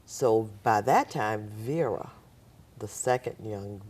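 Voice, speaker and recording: A woman's voice: rumbling low, takes it slowly, a little mellow, slight background noise. An older woman, a guest on a talk show, telling a personal story and acting out the voices of the people in it.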